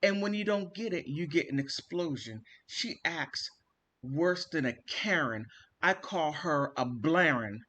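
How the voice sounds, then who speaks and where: Guy vlogging a family story, animated and theatrical, voice on the higher side. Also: unhurried, a little hiss or hum. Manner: animated, theatrical, acts out quotes. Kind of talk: casual storytelling monologue.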